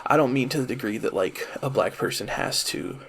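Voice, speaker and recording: Gravelly, husky young man rambling. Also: mid-range voice, animated, fairly quick, fairly bright tone. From American South. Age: 20s. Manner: rambling and self-correcting, many fillers and restarts. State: high. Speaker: vlogger and rapper. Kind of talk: casual monologue to camera.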